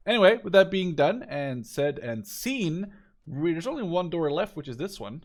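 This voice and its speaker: Chatty young man giving game commentary. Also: a little high. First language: not English. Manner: chatty and enthusiastic, with frequent fillers and self-corrections. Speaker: gameplay video creator. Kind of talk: casual game walkthrough commentary.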